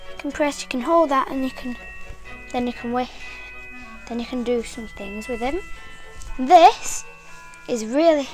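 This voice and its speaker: A woman's voice: high-pitched, low-quality recording. A woman with a British accent demonstrating toys in a casual, rambling way and often correcting herself. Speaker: toy reviewer.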